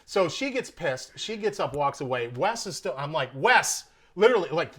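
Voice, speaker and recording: A man telling a story in a casual podcast chat, animated and heavy on profanity. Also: a little high, normal speed. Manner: profane, animated storyteller who puts on a Russian accent in quotes. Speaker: guest comedian. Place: podcast studio in Austin, Texas.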